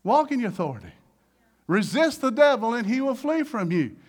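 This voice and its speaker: In an extremely high voice at normal speed, a male pastor preaches an animated sermon, acting out little voices and swinging between loud and soft.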